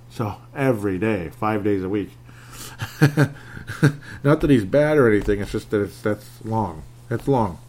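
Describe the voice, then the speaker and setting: A man's voice: fairly low pitch, darkish tone. A man hosting his own podcast alone at a home microphone, rambling and self-deprecating, laughing often, with some audible lip smacking. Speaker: podcast host. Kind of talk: casual solo podcast monologue.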